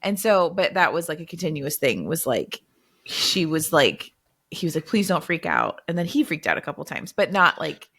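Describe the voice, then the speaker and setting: A woman's voice: sits low, expressive, normal speed, fairly bright tone, husky. A woman co-hosting a podcast, casually retelling scenes from a romance novel, chatty and full of "like". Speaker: podcast co-host. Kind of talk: casual book review chat.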